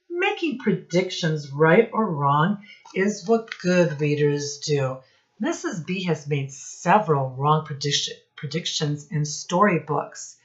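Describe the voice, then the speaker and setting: Slow low-voiced lady teacher reading a kids book, singsongy questions, kinda muffled recording. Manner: slow, sing-song teacherly questions to children. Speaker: teacher reading a storybook aloud. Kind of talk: read-aloud storytime for young children.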